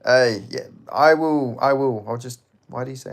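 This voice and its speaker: Aussie streamer, male, mid-pitched, casual chat host, swears freely, jokey, laughs a lot. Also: moderate pace, gravelly. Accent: Australian. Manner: loose and joking, swears often, laughs between lines. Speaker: livestream host. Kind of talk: casual livestream chat, reading viewer comments.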